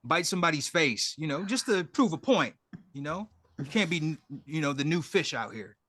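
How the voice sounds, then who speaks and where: Jokey podcast co-host, a man with an animated, fairly high voice, recorded dry. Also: normal speed, dry recording. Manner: jokey, riffs with mock quotes. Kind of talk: casual chat recapping a TV episode.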